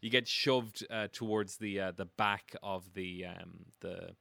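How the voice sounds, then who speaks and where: A man running a tabletop game as game master, with a bright, forward tone. He rambles through his narration with plenty of fillers and often breaks into laughter. The sound is dry and close. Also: low voice, fairly even intonation, a little slow, vocal fry, dry recording.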